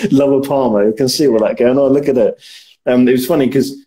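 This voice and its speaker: A man from southern England hosts a casual interview over a video call. His voice is warm and mellow, and his tone is upbeat. He laughs often and stammers now and then. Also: medium pitch, steady tone, fairly quick. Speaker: interview host.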